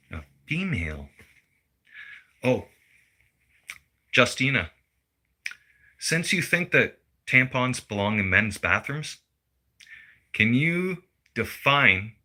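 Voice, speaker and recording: Sharp-voiced man ranting. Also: lowish voice. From Canada. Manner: blunt, heated, heavy swearing. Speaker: vlogger. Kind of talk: profane political rant.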